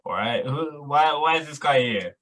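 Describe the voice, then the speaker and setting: A man playing a tabletop game in relaxed banter, laughing easily. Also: a little high, moderate pace. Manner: laid-back and laughing easily. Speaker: player.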